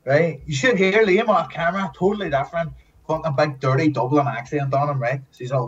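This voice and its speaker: A man telling lively, profane stories as a podcast guest, acting out the people in them. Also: a little high, moderate pace, recorded from a distance, lo-fi sound. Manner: animated, swears often, acts out quotes. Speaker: guest, former TV extra. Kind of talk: casual storytelling.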